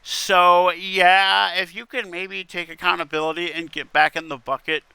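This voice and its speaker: A man voicing a whiny online poster in a put-on accent, higher and louder than his own voice. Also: flat delivery, moderate pace, creaky, smooth, dry recording, heavily acted. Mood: mock-apologetic.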